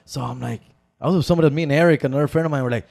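Chicano co-host, easygoing storyteller, slightly high voice, slips into Spanish words. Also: male voice, very fast, creaky, darkish tone. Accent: Chicano English. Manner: laid-back, mixes in Spanish words, says "fool" often. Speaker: podcast co-host. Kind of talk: casual storytelling chat.

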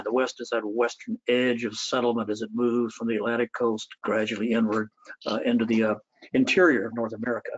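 A man speaking as a historian at a public talk, thoughtful and storytelling, with many pauses and fillers. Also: mid-range voice, dull audio.

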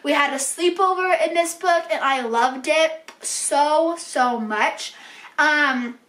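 A woman's voice: high-pitched, slow, fairly bright tone. A young woman book vlogger chatting casually about books she read, gushing and full of fillers. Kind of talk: casual chat. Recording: echoey room.

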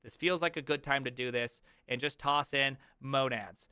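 A man in his thirties reacting to an article on a live stream, reading aloud and riffing with jokey, loud outbursts. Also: medium pitch, normal speed, clear, resonant tone, dry recording, studio quality. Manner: animated, jokey, reads aloud then riffs with loud outbursts.

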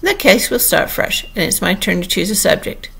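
A woman's voice: medium pitch, big pitch swings, moderate pace, creaky, breathy edge, full character voice. A woman reading an audiobook and voicing a pompous, touchy egg-man perched on a wall, in a raised, blustering voice. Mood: haughty. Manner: blustering, haughty, loud. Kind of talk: audiobook character voice.

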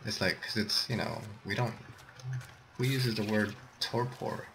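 A low-pitched man with a gravelly, creaky edge talks through a co-op game session. He reacts nervously and jumpily to every threat. A faint hiss sits under his voice. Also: fairly even intonation, measured pace. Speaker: gamer. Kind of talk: casual co-op gameplay chat.

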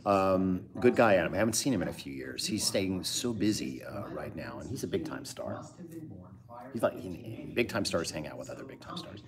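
Speaking at normal speed in a very low, animated voice, a middle-aged host runs a loose live-stream chat over crowd noise. He wanders between thoughts, calls out viewer locations, and slips in dry jokes.

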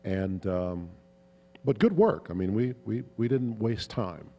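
A man's voice: on the low side, a little slow, in a large hall, highs cut off. A man, a guest actor at a convention panel, telling stories loosely with chuckles and fillers. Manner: relaxed, chuckling, rambling with fillers. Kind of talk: anecdotal storytelling at a Q&A.

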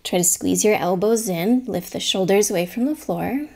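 A young woman leads a yoga class with an even, medium voice. She gives calm, step-by-step cues on each pose, and some of her words drop to a soft whisper. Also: mid-range voice, normal speed. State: slightly out of breath. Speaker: yoga teacher. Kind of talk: guided yoga class instruction.

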